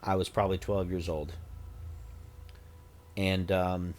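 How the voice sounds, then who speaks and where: A livestreamer in his forties, his voice somewhat low, chats casually with his stream audience from close to a desk microphone. He drifts from topic to topic, tossing in joking, self-deprecating asides. His pitch barely moves, and his delivery is slow and a little mellow.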